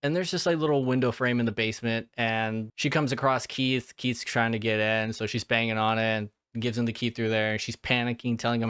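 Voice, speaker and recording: A man's voice: medium pitch, fairly even intonation, brisk, few pauses, fairly bright tone, clean tone, no echo, studio quality. A young man recapping a movie in a casual way, rambling off on tangents, swearing freely and filling his talk with "like". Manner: profane, rambling, goes off on tangents; filler-heavy, lots of "like".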